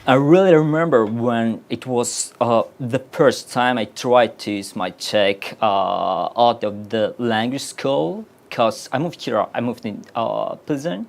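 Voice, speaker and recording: Young man, Russian accent, gravelly voice, rambling casual interview guest full of fillers. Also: mid-range voice, slow, few pauses. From Uzbekistan. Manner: rambling, many fillers and restarts. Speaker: guest, artist at the studio.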